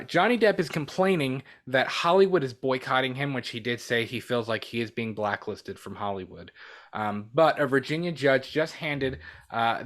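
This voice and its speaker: A man co-hosting a movie news show, reading articles aloud and breaking off for his own comments. His voice sits in an ordinary middle pitch and he keeps a loose, casual tone. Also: fairly bright tone. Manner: rambling, reads articles with asides. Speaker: podcast co-host.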